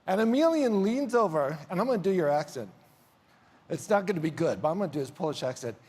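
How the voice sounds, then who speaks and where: Guy mc'ing a big conference, high voice that jumps all over, long echo off the hall. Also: fast talker, slightly rough. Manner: animated storytelling with big swings in loudness. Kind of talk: onstage conference speech. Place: large conference hall stage. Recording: reverberant hall sound.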